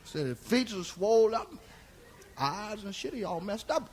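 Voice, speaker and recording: Guy doing a crude old storyteller, rambling and sly, real high pitched, live comedy record. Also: animated, normal speed, a little mellow, a little hiss or hum. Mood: drawling, rowdy. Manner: drawling, profane storytelling, chuckling asides. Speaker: stand-up comedian. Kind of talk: stand-up character monologue. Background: audience laughter.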